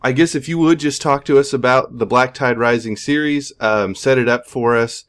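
A man's voice: medium pitch, normal speed, a bit bright. A man hosting a podcast, reading formal guest introductions and then asking loose, searching questions. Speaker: podcast host.

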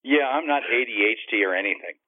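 A man's voice: medium pitch, animated, quick pace. A man being interviewed as a guest author, talking casually and wryly and laughing at his own jokes. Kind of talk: casual podcast chat. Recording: phone-like call audio, dry.

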